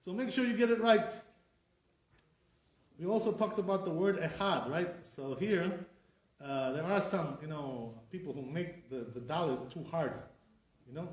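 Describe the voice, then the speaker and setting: A rabbi speaks unhurriedly in a slightly high voice, pausing often as he teaches an informal class to a live audience. He mimics incorrect and correct pronunciations and leans on "right?" throughout. Echo fills the room, and his voice comes from a distance.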